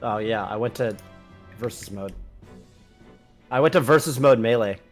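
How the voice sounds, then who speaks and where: A man's voice: medium pitch, normal speed. A man co-hosting a casual gaming stream, chatty and thinking aloud, laughing often. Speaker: co-host. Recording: faint music underneath.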